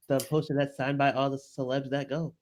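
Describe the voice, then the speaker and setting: A man's voice: medium pitch, darkish tone. A man joining a casual podcast chat with teasing, joking interjections.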